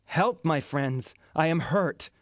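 A man's voice: medium pitch, measured pace, no room sound, clean studio sound, lightly acted. A man voicing a scheming, treacherous middle-aged king in a storybook reading. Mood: desperate.

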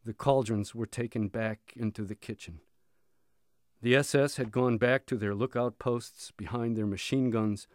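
A man reading a memoir aloud in a measured, steady storytelling voice. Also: medium pitch, no echo, studio quality. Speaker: reader.

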